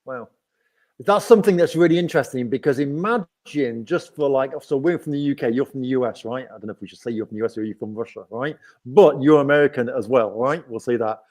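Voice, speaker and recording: A man from England with a Nottingham accent hosts a casual livestream chat, his mid-range voice fast and a little mellow. He's chatty and rambling, often tossing in "right?"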